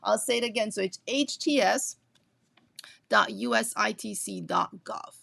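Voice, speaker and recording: A woman's voice: medium pitch, a little slow, gravelly, a bit bright, dry recording. A woman hosting an educational business talk, explaining things step by step and stressing key points by repeating them, with light chatty asides.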